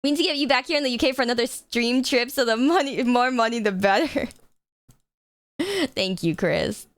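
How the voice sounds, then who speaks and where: Lively, animated woman streamer. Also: on the high side, moderate pace, no echo. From United States. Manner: animated, laughing often, swears freely. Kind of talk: casual chat with live chat viewers.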